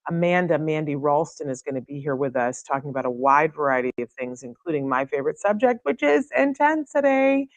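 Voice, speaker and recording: Low-voiced chatty woman show host. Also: steady tone, fast talker, few pauses, dry recording. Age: middle-aged. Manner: chatty and effusive, with laughs and filler words. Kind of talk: live show opening monologue. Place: studio.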